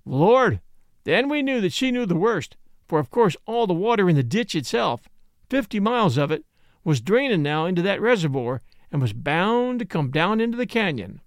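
A man's voice: high voice, sing-song, normal speed, no echo, clean studio sound. A man voicing a frontier man who tells the tale in a drawling backwoods dialect.

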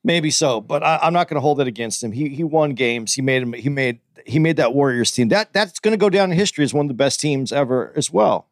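Stammering, measured podcast co-host. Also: male voice, mid-range voice, dry recording, clean studio sound. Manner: stammers and repeats words, calm and measured. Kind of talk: casual chat.

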